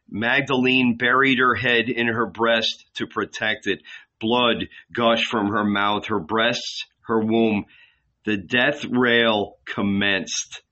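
Slow dramatic male narrator reading a novel, bright voice, kinda dull lo-fi audio. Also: fairly low pitch, fairly even intonation.

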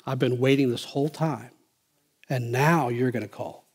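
A man voicing God as a calm, patient father figure, speaking gently and close to a whisper. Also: medium pitch, normal speed, husky, natural voice.

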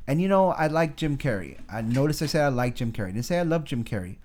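Animated jokey young man. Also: medium pitch, quick pace. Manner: animated, jokey, does funny voices. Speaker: podcast co-host. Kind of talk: casual chat.

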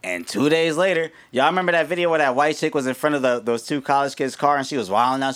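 A man's voice: on the high side, fast, fairly bright tone. A man co-hosting a casual podcast, talking loosely and profanely with lots of restarts and fillers. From United States. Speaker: podcast co-host. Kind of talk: casual chat.

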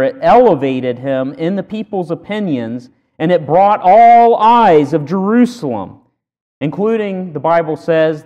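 A man preaching a sermon with earnest emphasis, punching key words loudly between pauses. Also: a little high, in a large hall. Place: church sanctuary.

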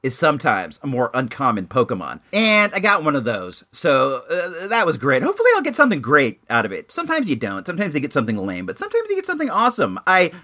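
A man's voice: a little high, wildly swooping pitch, fast, hardly any pauses, sharp tone. A young man telling a rambling story in a casual vlog, with lots of fillers and restarts. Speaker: vlogger.

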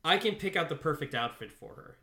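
A man's voice: a little high, lively intonation, a little fast, sharp tone. A man co-hosting a podcast, recapping an episode in casual, rambling chat with lots of fillers and frequent laughter. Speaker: podcast co-host.

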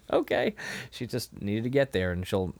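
A man's voice: lowish voice, very animated, unhurried. A man co-hosting a casual movie review chat, laughing often and acting out quotes. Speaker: podcast co-host.

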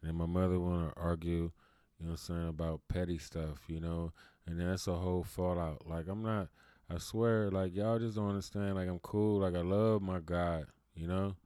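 A man's voice: sits low, fairly even intonation, normal speed, warm tone, smooth, no echo, studio quality. A man hosting his own show and talking in a casual, rambling monologue full of "you know" fillers. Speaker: show host.

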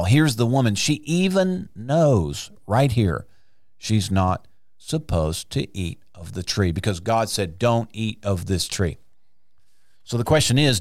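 Here a man preaches Bible lessons for a podcast, emphatic and sermon-like, asking rhetorical questions and elongating key words. The studio recording is dry, and his voice leans low.

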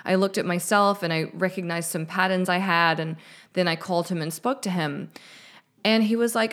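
A woman with a slightly low voice hosts her own podcast in a casual solo talk. She speaks candidly and with feeling, dropping the odd swear word, and records into a studio microphone through a mixer. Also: moderate pace, a bit bright. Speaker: podcast host.

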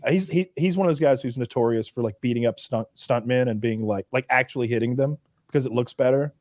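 A man's voice: medium pitch, quick pace, a little mellow, no room sound. Chatty host man, dry close sound. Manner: rambling, profane storytelling with many restarts. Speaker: podcast host. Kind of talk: casual chat.

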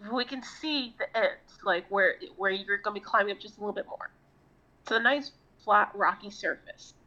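Podcast co-host from Florida, a woman with a bright, forceful voice. Self-mocking storyteller with a slightly muffled sound. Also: mid-range voice, moderate pace. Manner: animated, self-mocking, swears freely. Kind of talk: casual storytelling chat.

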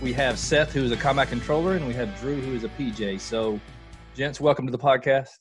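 A man's voice: mid-range voice, a little fast. A man hosting a podcast, delivering the intro and asking his guests questions. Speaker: podcast host. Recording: loud guitar music under the voice.

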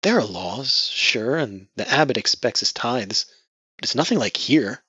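A grieving young woman, bitter and defiant, her voice raised close to tears, as a male narrator puts her on. The voice is tense and breathy, recorded dull and lo-fi. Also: mid-range voice, expressive, unhurried, sharp tone, dry recording, voice pushed up, full character voice. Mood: anguished. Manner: emotional, raised voice near tears. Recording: dull lo-fi audio.

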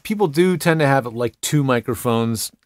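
A man's voice: mid-range voice, expressive, moderate pace, dry recording, clean studio sound. A man co-hosting a tech show as an audio engineer, explaining gear with enthusiasm and some self-deprecation. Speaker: podcast co-host and audio engineer. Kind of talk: casual tech chat.

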